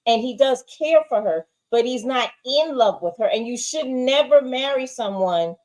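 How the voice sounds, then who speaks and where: A woman's voice: high voice, animated, normal speed, a little mellow, poor audio. A woman co-hosting a casual TV review, giving emphatic opinions and often asking "right?". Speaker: show co-host.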